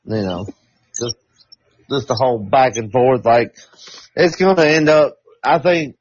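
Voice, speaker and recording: Halting man hedging through podcast chat. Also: mid-range voice, no room sound. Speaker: podcast co-host. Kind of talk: casual chat. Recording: dull lo-fi dry recording.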